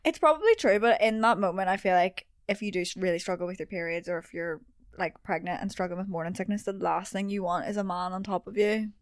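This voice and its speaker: A woman's voice: medium pitch, fast talker, dry recording. Casting: young woman, frank, giggly co-host, dry close mic. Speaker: podcast co-host. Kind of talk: casual chat.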